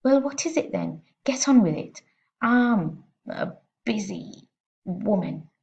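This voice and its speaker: A woman's voice: on the low side, fairly quick, gravelly, warm tone. A woman voicing a formidable, bullying woman headmistress who barks her words impatiently, heard on a slightly muffled lo-fi recording. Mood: barking. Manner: barking, impatient.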